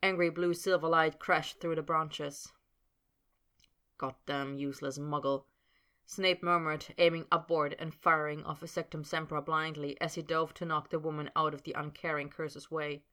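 A woman narrating fan fiction aloud in a measured, steady storytelling manner. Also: sits low.

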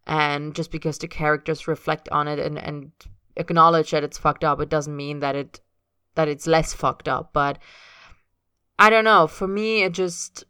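A woman's voice: deep voice, fairly even intonation, normal speed, pushed and bright, clean tone, no room sound, clean studio sound. A woman reading fan fiction aloud as an audiobook, giving a casual, reflective afterword about her recording. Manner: reflective, musing. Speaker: podfic reader.

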